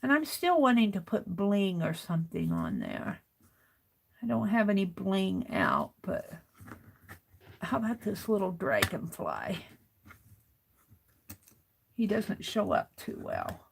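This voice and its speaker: Brief: woman craft streamer, rambling self-talk, gravelly fry in her voice. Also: mid-range voice, wildly swooping pitch, takes it slowly, pauses often, slight background noise. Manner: rambling, talks to herself as she works. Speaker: craft livestream host. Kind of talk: casual chat while crafting.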